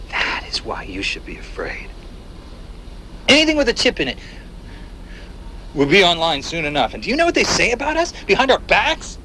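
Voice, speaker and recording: An actor playing a paranoid, fiery male agitator in a video game, delivering an impassioned rant that swings from hushed menace to near-shouts. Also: medium pitch, noisy background. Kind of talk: video game voice acting, radio-style monologue.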